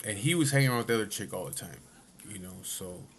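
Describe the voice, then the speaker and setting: A man's voice: lowish voice, fast, breathy edge. A man telling a personal story in a casual, profane way, full of swearing and filler asides.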